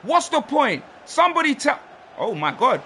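A young man, reacting loudly to a football video game he is playing, swinging from low muttering to shouting. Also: very animated, moderate pace, a little hiss or hum. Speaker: gaming streamer. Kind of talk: reactive gameplay commentary.

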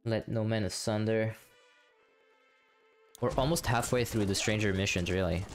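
Low-voiced man streaming a game. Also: steady tone, moderate pace. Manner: chatty and profane, answering chat while playing. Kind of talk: casual live gameplay commentary. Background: game music and horse hooves.

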